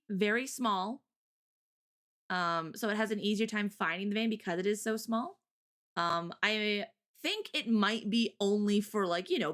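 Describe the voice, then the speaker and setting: Woman streamer, bright voice, chatty storyteller who laughs a lot; casual live chat. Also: mid-range voice. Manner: chatty storyteller, giggles often. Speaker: co-host of a morning stream.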